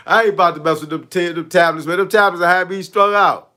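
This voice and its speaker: A man's voice: high-pitched, fast. A man, chatting casually on a livestream as a fitness coach, telling stories and reacting to viewer comments. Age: 50s. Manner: animated, storytelling, reading out viewer comments.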